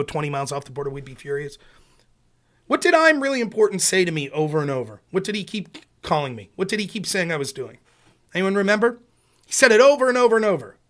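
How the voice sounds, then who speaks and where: A man's voice: a little high, fairly bright tone. A man streaming political commentary, heated and sarcastic, putting questions to his audience. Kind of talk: casual ranting commentary.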